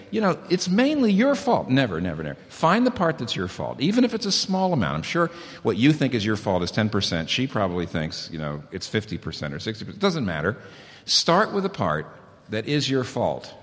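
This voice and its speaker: A man's voice: lowish voice, fairly bright tone. A middle-aged man preaching on marriage, emphatic and repeating his key points. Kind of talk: sermon on marriage. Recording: long hall reverb.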